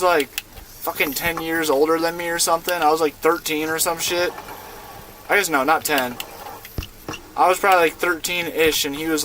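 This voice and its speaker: An American man in his twenties streams a game from inside a van, chatting with viewers in a relaxed, slangy way. His voice sits fairly high and fairly bright, and there's a little hiss or hum on the recording.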